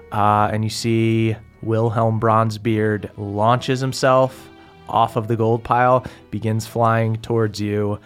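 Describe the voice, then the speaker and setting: Young male game master, relaxed, halting narration, faint music bed. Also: mid-range voice. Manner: relaxed, many ums and uhs.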